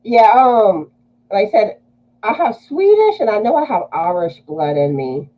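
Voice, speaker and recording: A woman's voice: mid-range voice, sing-song, measured pace, warm tone, rough recording. A woman from Louisiana hosting a casual livestream, greeting viewers and reading their comments aloud.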